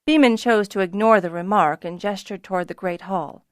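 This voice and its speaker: A woman's voice: moderate pace, dry recording, studio quality. A woman narrating a fantasy audiobook as scripted narration, giving the characters' lines with more lift and volume. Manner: voices characters with rises in pitch and volume.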